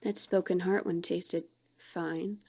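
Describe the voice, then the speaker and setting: A woman voicing a terse, mysterious stranger, with low, clipped, deadpan lines. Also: takes it slowly, husky, full character voice.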